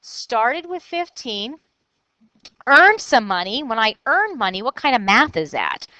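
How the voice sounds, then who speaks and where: A woman teaches a recorded math lesson to children, walking through each step out loud in an upbeat way. Her voice sits fairly high and swings widely in pitch. It is smooth and clear, recorded dry and close. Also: sing-song, unhurried, dry recording, rough recording. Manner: upbeat, thinks aloud step by step.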